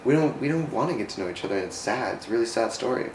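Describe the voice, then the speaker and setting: A man's voice: medium pitch, lively intonation, rapid-fire, a little hiss or hum. Earnest rambling man in an echoey room. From United States. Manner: rambling, earnest, often restarts and corrects himself. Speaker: vlogger. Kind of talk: casual faith-based vlog talk. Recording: roomy echo.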